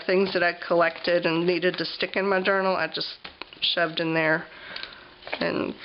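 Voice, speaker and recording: A woman's voice: fairly low pitch, dull audio, noisy background. A woman with a cough, chatting casually with lots of ums as she flips through her travel journal. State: has a cough, clears her throat. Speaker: vlogger.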